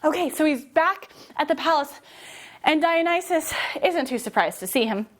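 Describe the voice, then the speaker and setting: A young woman telling a story to children while leading them through movement, energetic and encouraging. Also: high-pitched, moderate pace. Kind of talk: guided kids' yoga storytelling.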